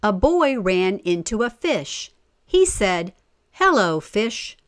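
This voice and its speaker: A woman reads a children's storybook aloud, slowly and with a lively voice that rises and falls a lot. She is expressive and often stops to ask the listener questions. The recording is dry and close. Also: mid-range voice, no room sound. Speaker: story reader.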